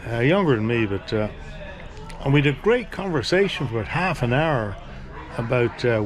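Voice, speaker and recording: A middle-aged man with an Irish accent, vlogging to a handheld camera in an easygoing, rambling way with plenty of fillers. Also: medium pitch. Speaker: travel vlogger. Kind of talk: casual chat to camera. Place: outdoors on a busy street. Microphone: handheld action camera. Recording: outdoor street noise behind.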